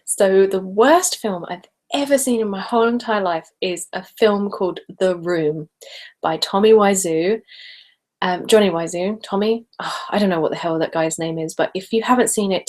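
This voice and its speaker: A woman from Essex with an English accent, hosting a casual live stream. She chats and giggles while reading out viewer comments, sometimes dropping into soft whispers, and sips wine as she talks. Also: medium pitch, normal speed. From Essex, England. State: sipping wine while talking. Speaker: ASMR creator hosting a live hangout.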